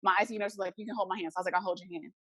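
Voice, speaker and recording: A woman's voice: mid-range voice, racing, husky, no room sound. A woman guest in an interview, telling a personal story casually and acting out the voices of the people in it. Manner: animated, acts out the voices of people in her story.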